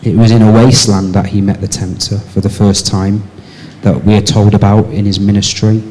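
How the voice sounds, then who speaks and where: Male pastor, church sermon, rhetorical questions, shifts between forceful and soft delivery. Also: flat delivery, moderate pace, a little hiss or hum, low-quality recording. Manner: asks the congregation rhetorical questions; moves between raised emphatic lines and soft low passages.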